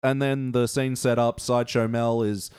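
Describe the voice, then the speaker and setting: A man's voice: mid-range voice, flat delivery, normal speed, darkish tone, clean tone. A man hosting a casual podcast review, laid-back and critical, chuckling often. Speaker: podcast host.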